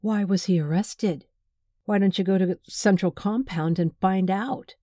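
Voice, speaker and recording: A woman's voice: mid-range voice, a little slow, warm tone, no room sound, clean studio sound, lightly acted. A woman voicing a sneering, scheming man. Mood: scornful. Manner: sneering, drawling. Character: scheming, contemptuous man, a cold official.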